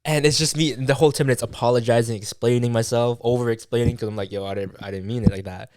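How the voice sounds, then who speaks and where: A man's voice: medium pitch, fairly even intonation, fast, darkish tone, smooth, no echo, studio quality. A young man, a podcast co-host, telling a casual story with lots of swearing and acted-out quotes of what was said. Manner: swearing, acts out quoted dialogue, many fillers.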